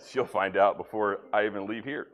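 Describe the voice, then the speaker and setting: A pastor preaching a folksy sermon, joking with the congregation and acting out little dialogues. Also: male voice, fairly low pitch, fairly bright tone.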